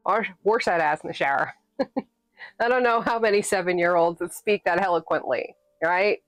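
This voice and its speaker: A woman's voice: on the low side, measured pace, long pauses, no room sound, faint music behind. A woman from New England chatting casually with her live-stream viewers, playful and sassy and laughing often. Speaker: livestreamer and author reading her novel.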